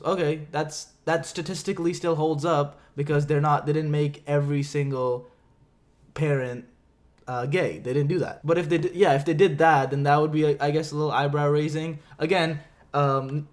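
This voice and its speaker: A man giving casual, sarcastic reaction commentary on a video, laughing often and swearing freely. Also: a little high.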